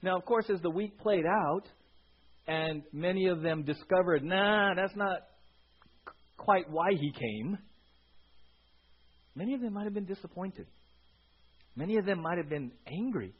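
A man's voice: a little high, breathy edge. A man preaching a sermon to a church congregation, asking rhetorical questions and often repeating words as he restarts. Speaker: pastor. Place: church service. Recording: dull lo-fi recording.

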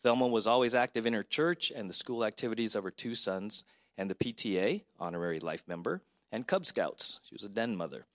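A man's voice: lowish voice, expressive, brisk, no room sound, studio quality. A middle-aged man, a pastor, giving a personal, conversational eulogy at a memorial service. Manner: conversational, warmly personal, with filler words.

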